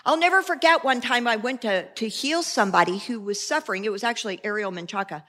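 A woman preaching a sermon, reading scripture and telling stories in a conversational, animated way with asides and restarts. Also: fairly high pitch, fast talker.

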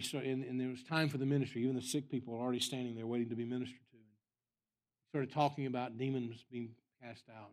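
A man preaching as a guest speaker, telling stories in an earnest way with some soft asides. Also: mid-range voice. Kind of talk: storytelling sermon.

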